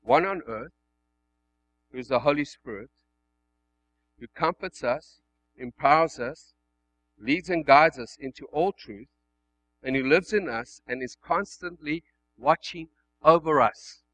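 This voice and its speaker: Bright-voiced male pastor preaching. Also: fairly high pitch, expressive, measured pace, long pauses, poor audio. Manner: preaching that swings between loud emphatic passages and hushed quiet ones. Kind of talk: sermon.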